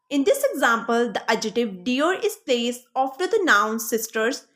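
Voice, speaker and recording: A woman teaching an English grammar lesson, reading example phrases slowly and often asking her listeners whether they understand, with small grammar slips. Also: sits high, a bit bright. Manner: repeats "Understand?" to check on listeners.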